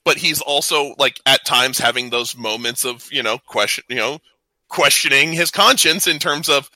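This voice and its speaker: A man's voice: medium pitch, moderate pace, pushed and bright, dry recording, poor audio. A man co-hosting a casual podcast, talking in long rambling runs with many restarts. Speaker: podcast co-host. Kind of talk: casual wrestling podcast chat.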